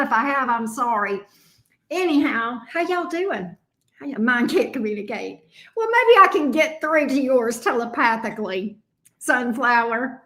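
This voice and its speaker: Southern woman, tarot streamer, casual and chatty; sharp bright voice. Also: high-pitched, echoey room. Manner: chatty, greets viewers by name. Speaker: tarot reader hosting a live stream. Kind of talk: casual live-stream chat.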